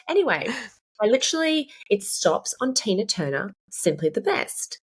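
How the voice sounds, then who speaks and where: Her voice is medium-pitched and sing-song, moving a little fast. She's a fitness coach in her thirties, a guest on a podcast, swearing freely as she emphatically and candidly recounts something personal in a casual conversation.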